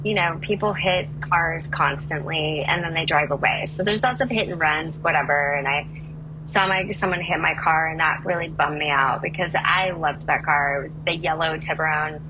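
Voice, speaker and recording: A woman telling a comic story on a podcast, animated and swearing as she acts out the dialogue. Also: sits low, moderate pace, noisy background. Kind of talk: comedic storytelling.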